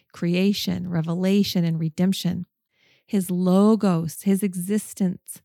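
A woman's voice: medium pitch, dark tone, dry recording, studio quality. A woman hosting a podcast, teaching a Bible study in an earnest, enthusiastic and emphatic way, speaking into a microphone. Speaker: podcast host.

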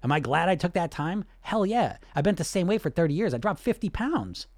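Middle-aged guy coaching weight loss, blunt, bouncy high-ish voice, no room sound. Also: a little fast, no room sound, clean studio sound. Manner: blunt, animated, rhetorical questions. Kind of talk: livestream coaching talk answering questions.

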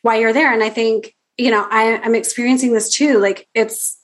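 A woman's voice: on the high side, fairly even intonation, moderate pace. A woman hosting a podcast interview, talking casually and enthusiastically with lots of fillers. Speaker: podcast host.

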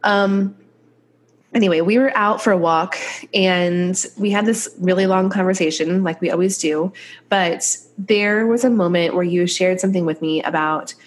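A woman's voice: on the low side, normal speed, slight background noise. Stuffy-nosed woman podcaster. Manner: chatty, laughs easily. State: stuffy nose from a cold. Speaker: podcast co-host, chiropractor. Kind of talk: conversational podcast chat.

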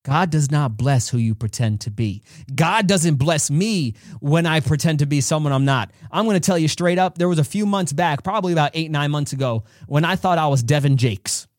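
A man gives a faith-based motivational talk on his podcast, earnest and direct, and he tells stories as he goes. His voice sits fairly high for a man. It is recorded close on the mic, dry and without room echo. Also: lively intonation, normal speed, hardly any pauses. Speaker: podcast host.

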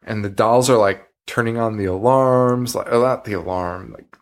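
Here a man co-hosts a horror podcast, talking at a normal pace in a lowish register. His movie recap is loose and conversational, full of swearing, frequent laughter, and acted-out character dialogue.

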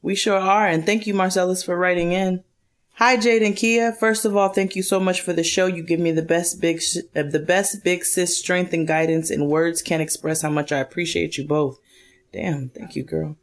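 A woman's voice: lowish voice, steady tone, normal speed. A woman co-hosting a casual podcast, reading listener emails aloud in a playful, joking way. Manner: playful, joking, laughs often. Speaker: podcast co-host.

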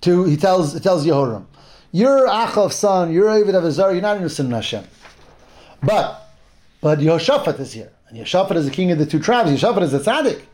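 A man's voice: fairly high pitch, sing-song, quick pace, darkish tone. A man teaching a casual Torah class, retelling a Bible story in a conversational way, fillers and restarts. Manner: conversational with fillers and restarts, acts out quoted speech.

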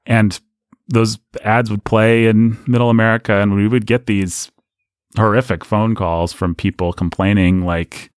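A man co-hosting a podcast, talking in an animated, rambling and candid way about a book. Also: lowish voice, measured pace, clear, resonant tone, no echo, studio quality. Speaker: podcast co-host. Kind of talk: casual book discussion.

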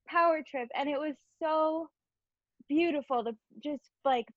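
A young adult woman, a podcast guest, telling her story in a chatty, expressive way. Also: fairly high pitch, dry recording. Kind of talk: conversational interview. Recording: dull, dry lo-fi audio.

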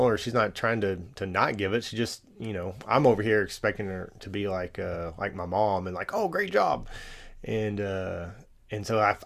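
Earnest man with a gravelly low voice. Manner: reflective, earnest, many fillers. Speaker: podcast guest. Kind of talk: casual chat.

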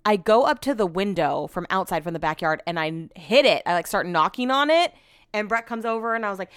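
A woman's voice: mid-range voice, fast talker, a bit bright, clean tone, dry recording, clean studio sound. A young woman hosting a casual chat show, telling stories animatedly, swearing freely and acting out what others said. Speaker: podcast host.

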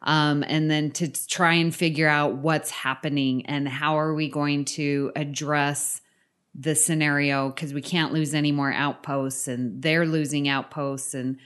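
A woman's voice: deep voice, flat delivery, a little slow, fairly bright tone, clear, resonant tone. A woman co-hosting a podcast, chatting enthusiastically. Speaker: podcast co-host. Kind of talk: casual podcast chat.

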